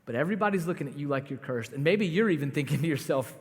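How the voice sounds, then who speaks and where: Guy pastor w a high voice, chatty storytelling sermon, long echo tail from the hall. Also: rapid-fire, hardly any pauses. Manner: conversational, animated storytelling with asides to the audience.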